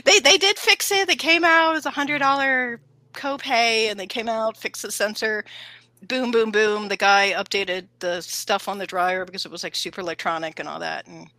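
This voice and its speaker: A woman co-hosting a relaxed podcast chat, retelling a story with animation and jumping high when she acts out quotes. Her voice is bright and a little high. The sound is dry and close. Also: normal speed, no echo. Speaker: podcast co-host. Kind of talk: casual chat.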